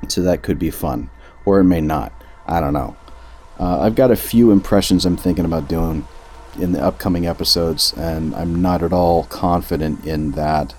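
Deep-voiced man rambling casually. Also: moderate pace, a little mellow. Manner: rambling, self-deprecating, jokey. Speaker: podcast host. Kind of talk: casual chat.

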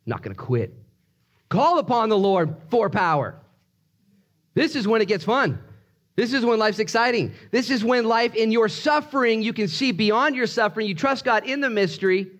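Animated male preacher, swinging loud to hushed. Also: sits high, normal speed. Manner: tells personal stories and acts out quotes. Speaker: pastor. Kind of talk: sermon.

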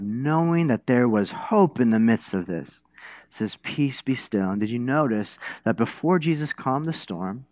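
A male pastor delivering a sermon in a relaxed, chatty style, pausing to ask his listeners questions. His voice sits at an ordinary middle pitch and sounds close and dry, with no room echo. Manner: conversational, asks the congregation questions, many restarts. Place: church.

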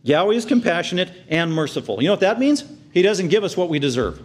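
A man delivers a sermon in a somewhat high voice. He sinks to quiet, tender passages and then climbs into loud, excited bursts as he acts out the crowd's outrage. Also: quick pace. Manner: earnest preaching, swings from hushed tender lows to loud excited highs. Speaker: pastor.

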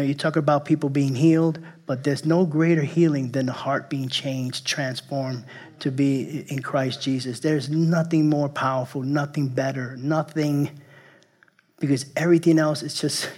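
A man preaching as pastor, repeating key phrases for emphasis and dropping from loud to hushed. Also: on the high side. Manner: chuckles at his own slips. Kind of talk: sermon.

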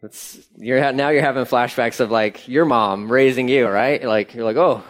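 A man's voice: mid-range voice, fairly even intonation, normal speed. A man preaching a sermon in a church, talking conversationally with playful asides. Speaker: pastor. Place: church sanctuary.

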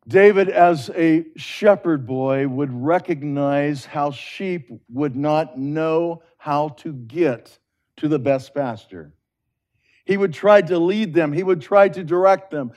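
A man preaching a sermon in an earnest, conversational way, swinging between loud emphatic rises and hushed, drawn-out phrases. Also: on the high side.

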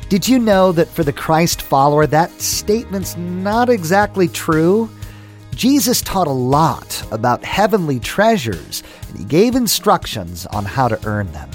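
Male broadcast announcer, scripted friendly read, lively delivery. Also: a little high, measured pace, faint music behind. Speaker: radio announcer.

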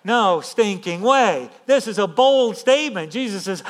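Man, pastor, sermon, high-pitched, animated, emphatic. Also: unhurried. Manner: animated, emphatic, conversational preaching.

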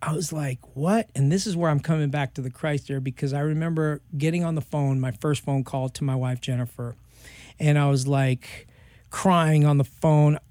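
Animated storytelling man, slightly high voice. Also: normal speed, no echo. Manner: acts out quoted voices, jumping high in pitch; loose, slangy, full of fillers. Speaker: interview guest, professional skateboarder.

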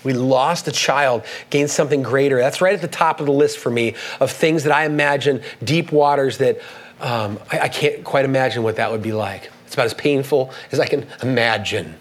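A pastor preaches a sermon in a medium-pitched voice, earnest and halting, restarting often and reading quoted passages with rising emphasis. The audio is poor.

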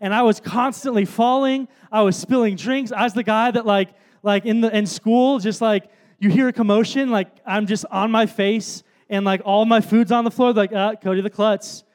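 A man in his thirties tells his story from the stage in a relaxed sermon. He talks in a rambling, self-deprecating way with plenty of fillers, and his voice sits high for a man. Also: moderate pace, hardly any pauses. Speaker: speaker at a worship event.

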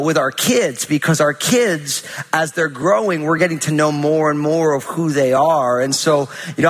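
A pastor with a bright, somewhat husky voice, speaking in a relaxed, joking, conversational way. His words ring out with a long reverb, as in a large church hall. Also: fairly high pitch. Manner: conversational, humorous storytelling with many fillers. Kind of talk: sermon with personal stories.

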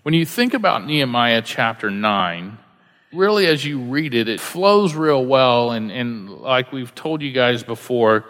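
A man's voice: mid-range voice, animated, a little slow, a bit bright, long reverb tail. A male pastor preaching a verse-by-verse sermon, earnest and repeating key lines for emphasis.

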